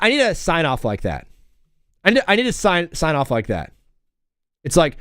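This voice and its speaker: A man's voice: a little high, very animated, fairly quick, a bit bright, dry recording, studio quality. A young man hosting a casual live sports stream, rambling and joking while he calls game plays as they happen. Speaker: livestream sports host.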